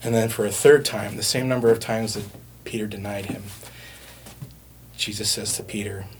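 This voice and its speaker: Guy giving a sermon, kinda low voice, chatty and stop-start, bit of hiss behind. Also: steady tone, normal speed. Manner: conversational preaching with frequent fillers and restarts. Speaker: pastor.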